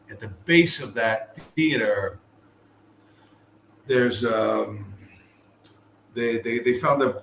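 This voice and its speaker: With a fairly low pitch, some vocal fry, and a fairly bright tone, a man rambles through a casual travel vlog to camera. He curses often and his speech is packed with fillers and restarts. The camera mic captures a roomy space and faint background noise.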